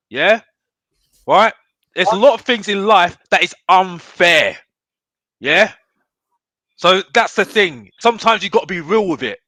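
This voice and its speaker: This football fan guest speaks in a high, sharp, animated voice, unhurried and pausing often in a dry recording. Blunt and fired up in the casual debate, he punctuates each emphatic point with "yeah?".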